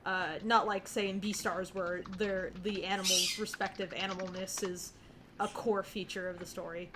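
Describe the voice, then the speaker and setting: A woman hosting a casual livestream while drawing, chatty and quick to laugh, reading viewer questions aloud. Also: medium pitch, little pitch movement, heavy background noise. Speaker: livestream host drawing on stream.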